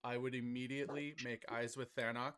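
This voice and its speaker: A man's voice: mid-range voice, flat delivery, a little fast, a bit bright, clean tone. A man playing in a tabletop game, laying out his plan in a decisive way. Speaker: player.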